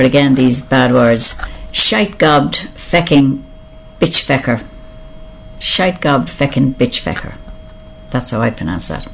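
Gravelly older Irish voice reading words. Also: medium pitch. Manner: slow, musing, reads each word aloud, then explains it or admits not knowing. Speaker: reader of a word list. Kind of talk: reading and explaining a word list.

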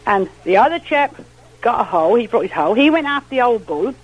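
Older husky countrywoman telling stories. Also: a little high, fairly quick, rough recording. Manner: rambling, repeats "well, anyhow", quotes others in lively voices. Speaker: interviewee. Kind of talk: oral history storytelling.

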